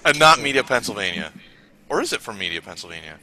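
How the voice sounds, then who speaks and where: A man's voice: lowish voice, big pitch swings, fast talker, pushed and bright, a little hiss or hum. A man co-hosting a podcast in casual chat, joking and playful. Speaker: podcast co-host.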